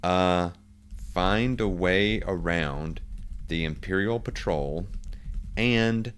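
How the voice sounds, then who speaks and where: A man with a very low voice talks through his solo tabletop game. He muses aloud, stopping to rethink and correct himself as he checks rules and rolls. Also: extremely slow, fairly bright tone, smooth. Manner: thinking aloud, musing and self-correcting.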